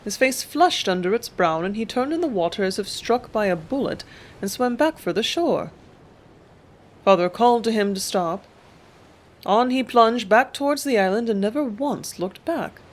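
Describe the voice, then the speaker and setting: A narrator reading an old novel aloud in a steady, even storytelling manner. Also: medium pitch, moderate pace. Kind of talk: audiobook reading.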